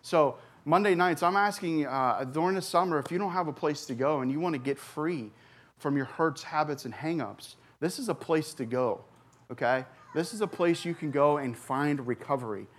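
A man in his forties, a recovery pastor, telling his personal story from a church stage, earnest and halting with many fillers and restarts. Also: fairly high pitch. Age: 40s.

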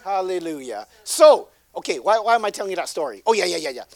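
A man preaching and telling a healing story to a congregation, swinging from loud bursts to hushed asides. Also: sits high, very animated, fast talker, creaky. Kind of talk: sermon storytelling.

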